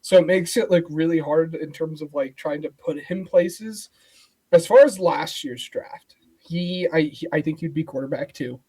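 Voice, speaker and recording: Dude on a sports podcast, slightly higher voice, lots of likes and ums. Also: male voice, moderate pace, dark tone, slightly rough. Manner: hesitant, lots of "like" and "um". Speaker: co-host. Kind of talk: casual chat.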